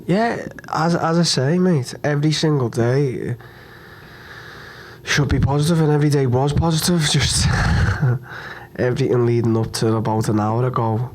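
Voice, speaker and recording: A young man speaks at a post-fight press conference, his voice at an ordinary middle pitch. He is upset and hurt after losing, and talks bluntly and haltingly, repeating himself and swearing as he goes. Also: fairly even intonation, darkish tone.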